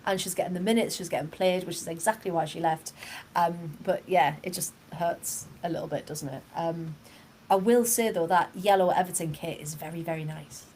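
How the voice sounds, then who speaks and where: A woman co-hosting a casual football podcast, chatty, laughing often and filling pauses with fillers. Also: lowish voice, darkish tone, a little hiss or hum. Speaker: podcast co-host.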